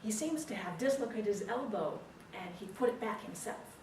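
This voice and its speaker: A woman voicing a brisk, matter-of-fact female medical social worker, in a raised voice. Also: medium pitch, over a noisy crowd, natural voice. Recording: roomy distant recording with faint ambience.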